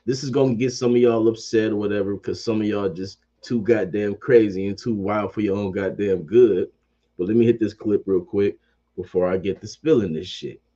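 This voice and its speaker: A man's voice: on the low side, steady tone, normal speed, dark tone, muffled recording. A man ranting about sports as a fan commentator. He swears constantly, repeats phrases, and keeps up a heated, profane energy.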